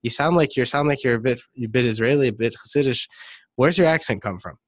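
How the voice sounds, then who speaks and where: A man's voice: mid-range voice, quick pace, dry recording. A man hosting a casual interview, chatty and prone to repeating himself as he asks questions. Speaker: interview host.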